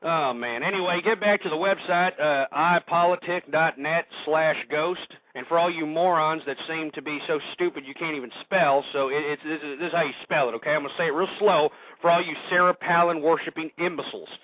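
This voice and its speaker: A man hosting a radio show, ranting angrily and shouting insults at his listeners. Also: on the high side, fairly quick, hardly any pauses, dry recording, narrow, tinny audio. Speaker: radio host. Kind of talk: angry political rant.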